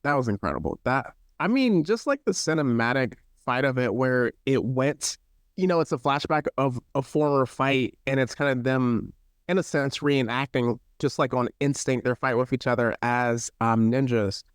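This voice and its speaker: A man in a casual podcast conversation, warmly enthusiastic about anime and laughing lightly as he talks. His pitch is mid-range, and the sound is dry and close with no echo. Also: lively intonation, normal speed, smooth. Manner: enthusiastic, chuckles, short agreeing replies. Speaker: podcast co-host.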